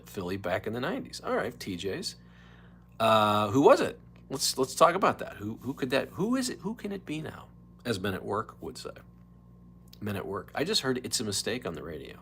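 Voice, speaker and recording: A man hosting his own livestream podcast, rambling casually between topics and slipping into quick impressions. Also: lowish voice, a bit bright, husky. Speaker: podcast host. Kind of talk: casual solo livestream chat.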